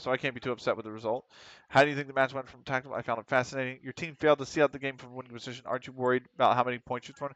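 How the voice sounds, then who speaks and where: A man giving casual commentary on a football management game, reading questions aloud quickly and answering offhand with casual swearing. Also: mid-range voice, fairly bright tone, dry recording. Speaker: gaming streamer. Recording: dry, slightly dull home mic.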